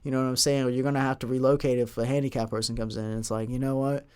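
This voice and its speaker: A man's voice: mid-range voice, very fast, clear, resonant tone. Laid-back young man rambling on a podcast. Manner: rambling, relaxed slang-filled talk. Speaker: podcast host. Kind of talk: casual solo podcast talk.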